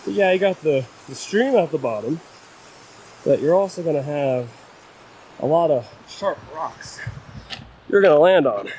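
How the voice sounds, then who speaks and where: A man's voice: a little high, expressive, unhurried, long pauses, darkish tone. A young man chatting to viewers while hiking a rocky trail, out of breath, self-deprecating and talkative, recorded outdoors on a camera-mounted mic. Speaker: hiking vlogger. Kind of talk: casual vlog narration while hiking. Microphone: camera-mounted shotgun mic. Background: wind.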